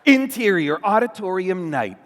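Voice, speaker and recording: A man narrating the stage directions at a live staged reading on a theater stage, lively and playful. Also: high voice, moderate pace.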